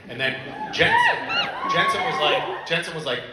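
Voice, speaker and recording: A man's voice: huge pitch swings, a little fast, recorded from a distance. A man telling a story on a convention panel, imitating other voices. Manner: storytelling, mimics deep voices. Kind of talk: anecdote on a panel. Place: large convention hall. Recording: echoey hall miked from afar, loud noise.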